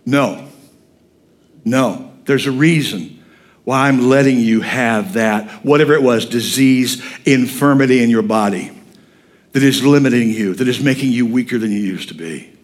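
God speaks as a blunt, fatherly man, calm and matter-of-fact, tossing in slang, as a preacher puts him on. The voice drops well below the speaker's usual pitch. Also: moderate pace, natural voice. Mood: firm, calm.

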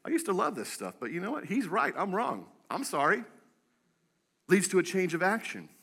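A man preaching a sermon as pastor, telling stories with animated acted-out voices. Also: high voice, moderate pace, slightly rough. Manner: animated storytelling, acts out quoted voices. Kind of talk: energetic sermon.

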